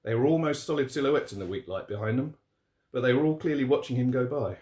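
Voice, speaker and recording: Man, author reading horror story, mid pitch, steady, roomy echo. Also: quick pace. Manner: relaxed, steady, few fillers.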